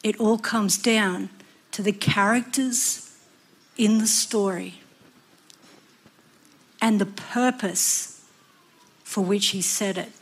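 Slow, earnest woman preaching. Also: mid-range voice, slightly rough. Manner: expressive, acts out voices and cries. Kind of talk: sermon.

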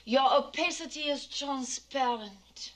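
An actress playing an earnest young woman who rehearses her stage role, brisk and eager. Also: high voice, a bit bright.

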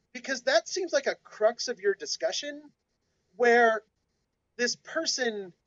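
Male podcast co-host, high voice, explainer type, dry close sound. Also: a bit bright, no echo, low-quality recording. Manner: explanatory, lecturing tone. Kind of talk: casual discussion.

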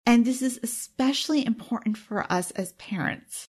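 A woman's voice: on the high side, moderate pace, darkish tone, husky. A woman working as a time management coach and speaking as a parent, giving an earnest, openly emotional self-help talk with frequent exclamations. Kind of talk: self-help teaching monologue.

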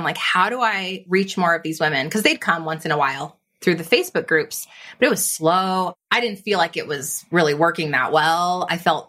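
Bright-voiced woman telling her story. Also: lowish voice. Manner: animated, fast-flowing, quotes her own inner voice. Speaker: podcast guest, business coach. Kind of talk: conversational interview storytelling.

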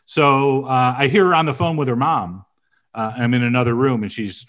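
A man's voice: mid-range voice, normal speed, a bit bright. A middle-aged man, a chef co-hosting a podcast, telling a long anecdote in casual chat with lots of fillers and restarts.

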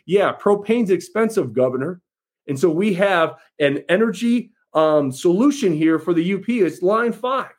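A man's voice: high voice, expressive, normal speed, darkish tone. A man giving an emphatic campaign speech, repeating his points and addressing listeners as folks. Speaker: political candidate.

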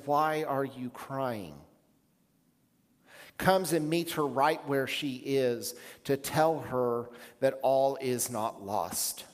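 Man, pastor, measured reflective sermon, slightly high voice, reverberant hall. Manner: measured, reflective preaching with pauses.

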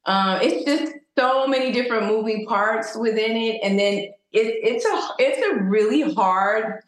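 A woman, an actress on a podcast as a guest, answering questions thoughtfully with hesitant pauses and many fillers. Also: on the high side, expressive. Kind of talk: interview conversation. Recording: echoey room.

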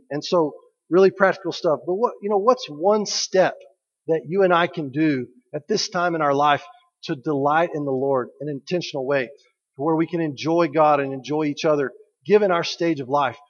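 A pastor preaching a sermon in a relaxed, conversational way. He jokes with the congregation and asks them questions. His fairly high voice carries through a dull recording with a long hall echo. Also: moderate pace.

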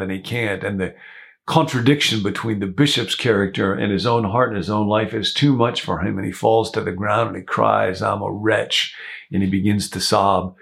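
A male pastor with a low voice and plenty of gravelly fry. He preaches in a reflective, storytelling way, retelling a story for his listeners. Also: fairly bright tone. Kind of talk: sermon.

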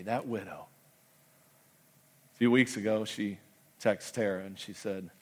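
Impassioned male preacher, loud then hushed. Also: on the low side. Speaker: pastor. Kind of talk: sermon.

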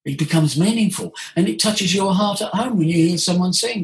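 Male voice coach, animated and conversational, teaching tone. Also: sits high, brisk, few pauses, poor audio. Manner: animated, demonstrates vocal sounds.

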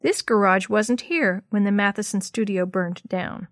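A woman's voice: medium pitch, a little slow, dry recording, clean studio sound, close to an everyday voice. A woman voicing a thoughtful know-it-all boy in a children's storybook, speaking in a matter-of-fact, explaining way.

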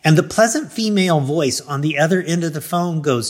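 A middle-aged man, a pastor, telling a personal story in an animated way, acting out his own thoughts and replies. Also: a little high, fairly quick.

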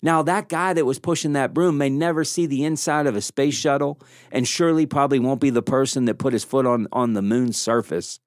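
A man hosting a leadership podcast, talking into a studio microphone in a small room. His voice sits at an ordinary middle pitch and sounds close and dry, with almost no room echo. He tells stories in a lively, self-deprecating way and acts out the dialogue he quotes. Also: a little fast. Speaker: podcast host.

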